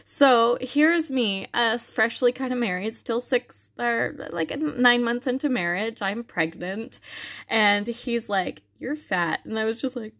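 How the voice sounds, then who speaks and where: A woman's voice: a little high, lively intonation, unhurried, fairly bright tone. Chatty young woman telling a faith story. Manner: chatty, with many fillers and restarts; earnest and reflective. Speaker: vlogger sharing a personal faith story. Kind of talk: casual personal storytelling.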